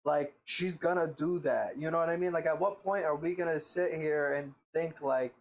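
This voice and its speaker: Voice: mid-range voice, normal speed, rough recording. Frank, swearing podcast co-host. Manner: frank, swears freely, opinionated. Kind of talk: casual chat.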